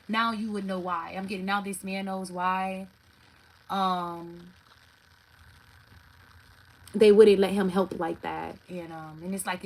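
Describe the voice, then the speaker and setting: A woman's voice: mid-range voice, slight background noise, rough recording. Profane, blunt woman tarot reader. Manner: blunt, profane, animated, talks to viewers directly. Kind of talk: live tarot reading, casual monologue.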